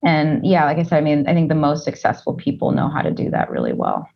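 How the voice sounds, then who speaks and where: A woman interview guest who leads a team, speaking in a thoughtful, measured way with frequent fillers. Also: deep voice, huge pitch swings, gravelly, dull audio. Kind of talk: casual interview.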